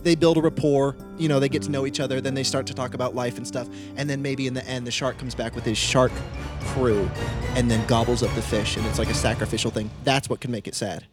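A man's voice: mid-range voice, quick pace, music in the background. A man co-hosting a podcast, chatting casually and telling goofy stories with lots of laughter. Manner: giggly, animated storytelling with goofy voices. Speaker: podcast co-host.

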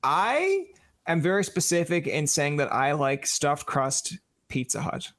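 A male podcast host with a slightly high voice tells stories with energy. He acts out both sides of arguments as he goes and keeps the chat loose. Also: measured pace. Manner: animated storyteller, acts out quoted exchanges.

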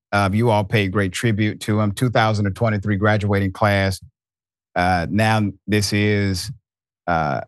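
A man hosting a talk show, speaking in a measured way and praising his guest. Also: lowish voice, no echo, studio quality. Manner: measured, warm praise, addresses guest as dear brother. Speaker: host.

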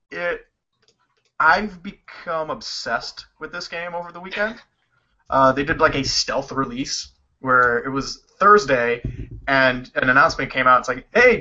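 A man co-hosting a casual video game chat, telling stories quickly with lots of swearing. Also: on the high side. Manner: animated, profane, quick storytelling. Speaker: podcast co-host. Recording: dull lo-fi sound.

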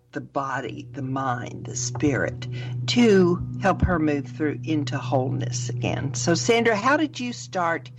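A woman divorce recovery coach co-hosting a radio talk, encouraging and quick to agree. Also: low-pitched. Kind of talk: casual radio conversation.

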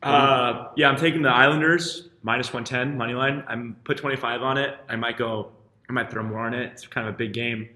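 A man talking fast and brightly, rambling about his bets with easy self-deprecating humor. His voice bounces around an echoey room. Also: mid-range voice, steady tone. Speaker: podcast co-host, bettor. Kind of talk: casual banter about bets.

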